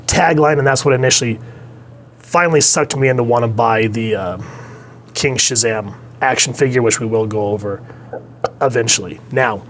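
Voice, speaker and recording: A man's voice: mid-range voice, moderate pace, fairly bright tone. A young man gives a casual, rambling comic book review, with an easy-going, enthusiastic delivery. His voice sits in a middle register, and a faint hiss can be heard behind him. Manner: enthusiastic, rambling commentary with fillers.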